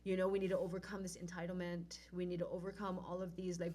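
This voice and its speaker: A woman telling a personal story in a casual, animated way, acting out the dialogue. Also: on the low side, fast talker. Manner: animated, acts out quoted dialogue.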